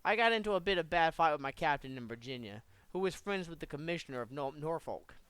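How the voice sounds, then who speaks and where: A man reading a young woman detective's lines from a game aloud, in a casual, flat way. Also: on the high side, fast, clean tone, dry recording. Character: young female detective, tough, plain-spoken.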